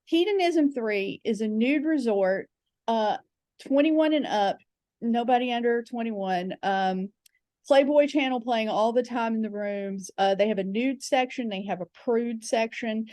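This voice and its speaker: A woman's voice: fairly high pitch, measured pace, dark tone, no echo. Frank chatty woman, dry close sound. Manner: frank, chatty, acts out quoted voices. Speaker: guest comedian. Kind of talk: candid comic storytelling.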